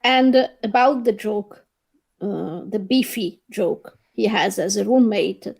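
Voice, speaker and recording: A woman's voice: medium pitch, slow, vocal fry, a little mellow, slightly rough. A woman reviewing a film in casual chat, hesitant and wry, with many fillers. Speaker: film reviewer, podcast co-host.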